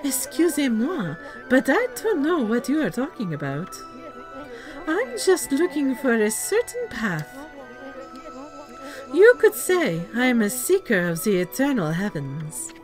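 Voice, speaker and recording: Smug pretty-boy prophet voiced by a woman, hammy French accent, slow, mock-elegant. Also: high-pitched, wildly swooping pitch, over music, voice pushed up, heavily acted. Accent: put-on French.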